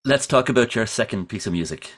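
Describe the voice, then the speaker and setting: An Irish man with a low voice hosting a laid-back interview. He keeps his questions short and even and fills in with quiet murmurs of agreement. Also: fast talker, a little hiss or hum. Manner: brief, steady questions and murmured assent. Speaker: host. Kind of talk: casual interview.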